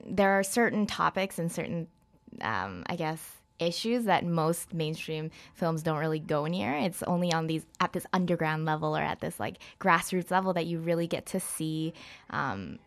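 Chatty woman guest, lowish voice. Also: animated, moderate pace. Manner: chatty, many fillers and hedges. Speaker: guest film reviewer. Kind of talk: casual interview chat.

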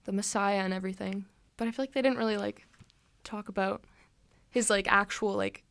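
A young woman co-hosting a podcast in casual, animated chat. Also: mid-range voice, fairly quick. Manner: animated, exclaims "oh my gosh". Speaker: podcast co-host.

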